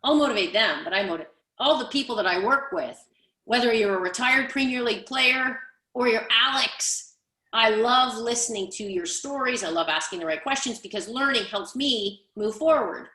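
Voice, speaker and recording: Energetic woman coach, echoey sound. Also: on the high side, normal speed. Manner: energetic, emphatic, repetitive build-ups. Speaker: guest speaker, leadership coach. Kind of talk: conference panel talk.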